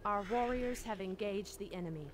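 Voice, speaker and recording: A woman voicing a calm army announcer, giving crisp, even reports. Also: medium pitch, normal speed, heavy background noise, lightly acted.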